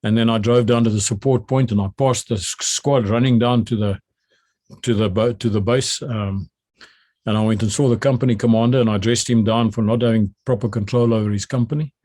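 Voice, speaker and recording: Older South African man, retired officer recounting his service, lively and vivid storyteller, middle pitch. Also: a little fast. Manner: animated storyteller who acts out the orders he shouted. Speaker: retired army general. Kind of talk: recounting memories in a conversation.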